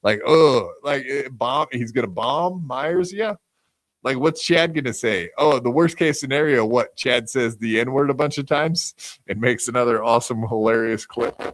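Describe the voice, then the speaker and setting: A man's voice: medium pitch, moderate pace, dry recording. A man hosting a live podcast on his own, delivering a profane, taunting rant and casual sign-off chatter. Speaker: podcast host.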